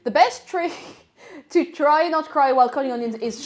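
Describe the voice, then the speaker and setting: Casting: woman, somewhat high, very animated voice, chatty livestream cook. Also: slow, long pauses, faint music behind. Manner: chatty, greets viewers, laughs at herself. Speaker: streamer. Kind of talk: casual chat while cooking on a livestream.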